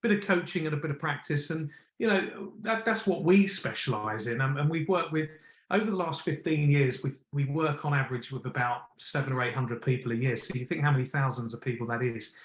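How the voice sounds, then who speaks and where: A man, a TV presenter, coaching presenters in a live online session with energetic, encouraging emphasis. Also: a little high, fairly quick. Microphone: video call. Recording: echoey room.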